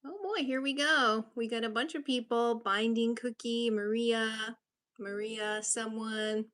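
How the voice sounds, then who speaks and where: A woman from Massachusetts hosts her first livestream, chatting casually and greeting viewers by name with upbeat warmth. Her voice is fairly high and a bit bright, with a steady tone and a slightly slow pace.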